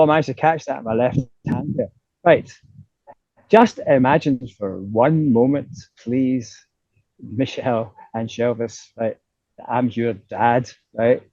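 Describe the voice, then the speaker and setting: Husky, mellow Scottish man telling stories. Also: mid-range voice, dry recording, muffled recording. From Scotland. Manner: animated, swears freely, peppers talk with "right?". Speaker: guest. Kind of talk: casual storytelling interview.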